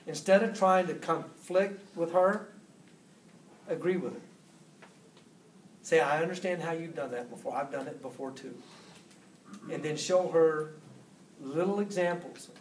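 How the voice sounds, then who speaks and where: A man speaks at a motivational seminar in a fairly high voice, acting out little quotes with big jumps in pitch. He sounds far from the mic in an echoey room. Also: moderate pace, pauses often, slight background noise.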